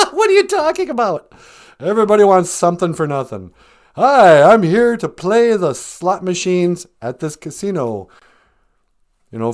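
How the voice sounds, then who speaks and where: A man hosting a comedy podcast, delivering deadpan jokes and mock infomercial lines with bursts of laughter. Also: on the high side. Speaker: podcast host. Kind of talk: joking comedic monologue.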